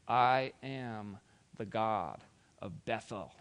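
A man voicing God as a calm, reassuring presence, speaking slowly and softly. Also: fairly low pitch, clear, resonant tone, muffled recording, exaggerated voice.

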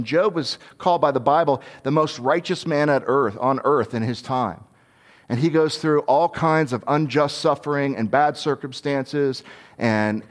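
A man giving a conversational sermon, earnest and candid, thinking aloud as he goes. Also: on the high side.

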